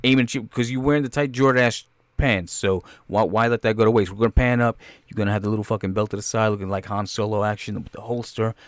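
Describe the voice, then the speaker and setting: A man giving a loud, laughing, profane comedic reaction to a movie trailer, full of slang. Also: fairly low pitch, fairly even intonation, quick pace, no room sound, studio quality.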